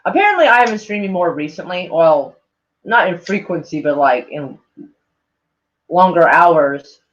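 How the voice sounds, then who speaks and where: A man's voice: a little high, lively intonation, a little slow, a bit bright. A man live-streaming in a loose, meandering chat, heavy on "like" and freely swearing, with a mild speech impediment. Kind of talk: casual rambling stream chat. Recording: dull lo-fi home stream audio.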